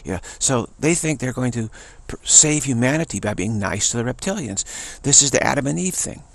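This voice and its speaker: Gravelly man giving a spiritual talk. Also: medium pitch, animated, fairly quick, no room sound. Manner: storytelling, acting out voices, repeating phrases. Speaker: spiritual teacher.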